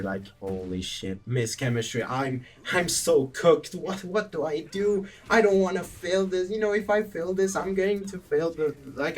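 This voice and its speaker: A young man telling a story in a casual vlog, animated and profane, rambling with self-corrections. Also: mid-range voice. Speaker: vlogger. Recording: distant mic, faint background music.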